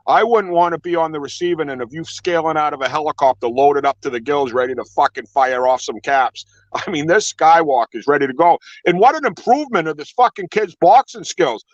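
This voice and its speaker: A man's voice: on the high side, expressive, brisk, few pauses, dry recording, muffled recording. A man chatting casually about boxing, rambling, laughing a lot and swearing constantly. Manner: crude, rambling, laughs often, heavy swearing. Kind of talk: casual profane banter.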